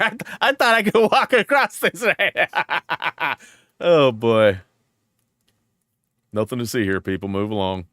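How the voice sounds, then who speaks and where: A man hosting a gaming live stream, chatting casually and telling rambling, animated stories while he plays. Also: medium pitch, slow pace, pauses often, dry recording, studio quality. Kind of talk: live-stream gameplay chat.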